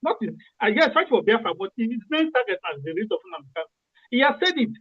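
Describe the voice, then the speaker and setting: A man's voice: high voice, big pitch swings, fast, slightly rough, dry recording, muffled recording. A Nigerian man calling in to a radio discussion, impassioned and repeating himself, restarting phrases as he argues. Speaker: caller.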